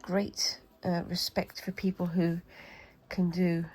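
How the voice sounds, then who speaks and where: A woman's voice: lowish voice, flat delivery, takes it slowly, a little mellow, slightly rough, poor audio. A British woman with a cold, chatting and rambling casually as she demonstrates a craft, talking to herself while she works. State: has a cold. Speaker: craft vlogger.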